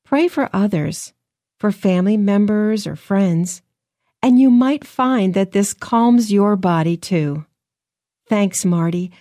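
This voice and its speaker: A woman co-hosting a faith talk program, speaking in a soft, encouraging, gently paced way. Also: mid-range voice, takes it slowly, no room sound, studio quality. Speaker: co-host. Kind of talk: scripted radio talk.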